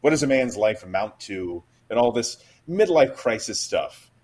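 A man's voice: mid-range voice, expressive, normal speed, darkish tone. A man co-hosting a casual movie podcast, talking with enthusiasm about the acting in a film. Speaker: podcast co-host.

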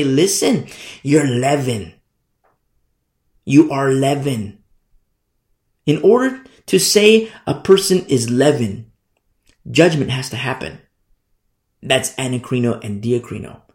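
A man's voice: medium pitch, reverberant. A man preaching a sermon as a pastor, emphatic and conversational, driving points home through repetition.

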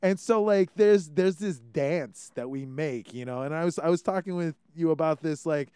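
A man from Hawaii, hosting a casual podcast chat in an animated, swearing way. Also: a little high, moderate pace, clean tone, dry recording. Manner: animated, swearing, many restarts. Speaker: podcast host.

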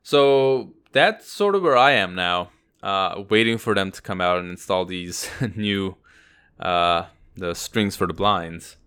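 A man's voice: low voice, expressive, takes it slowly, fairly bright tone, clean tone. A man co-hosting a podcast, telling a long personal story in a rambling, casual way. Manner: rambling anecdote with acted-out quotes. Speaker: podcast co-host.

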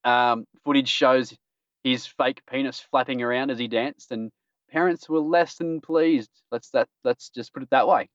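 A man's voice: mid-range voice, fairly even intonation, a little slow, no echo. A man hosting a casual podcast news roundup, joking and laughing at his own jokes. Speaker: podcast host. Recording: dull dry lo-fi recording.

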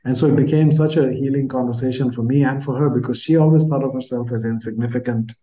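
A man in his sixties from India, telling a heartfelt personal story in an earnest, reflective way, his voice fading softly at the ends of phrases. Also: medium pitch, fairly even intonation, quick pace, dull audio. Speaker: guest author.

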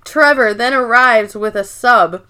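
A woman's voice: a little high, measured pace, bright, forceful tone. A woman co-hosting a podcast, casually retelling episodes and acting out quotes, with some swearing. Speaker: podcast co-host. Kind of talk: casual recap chat.

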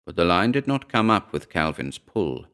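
Guy reading a short story aloud, really deep voice, smooth and clear, steady pace. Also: normal speed. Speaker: narrator. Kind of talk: scripted story narration.

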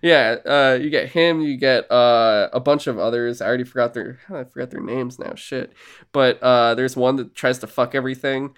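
A man co-hosting a casual podcast, recapping a video game and acting out character lines in quick put-on voices. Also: mid-range voice, fairly even intonation, clear, resonant tone. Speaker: podcast co-host. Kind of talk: casual chat.

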